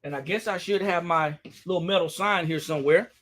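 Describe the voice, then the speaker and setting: A man with a Southern Louisiana accent runs a casual live-stream demo, his voice pitched high and sounding bright and sharp. He chats with his viewers, repeating himself as he goes. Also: a little fast. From Baton Rouge, Louisiana. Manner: chatty, repeats himself, addresses viewers directly. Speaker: shop owner hosting a live sale.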